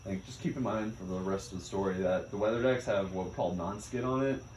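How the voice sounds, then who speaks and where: A young man, a Navy sailor, casually telling a story about his deployment, laughing often and acting out the things people shouted at him. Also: sits low, fairly quick, slight background noise. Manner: animated, laughs often, acts out quoted shouts. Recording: echoey room.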